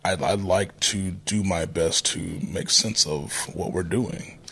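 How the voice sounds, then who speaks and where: A man with a fairly low voice answers questions in a podcast interview. He chooses his words carefully and speaks in a measured, deliberate way, often restarting a phrase to get it right. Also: fairly bright tone, breathy edge. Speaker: podcast guest, wrestler. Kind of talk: thoughtful interview talk.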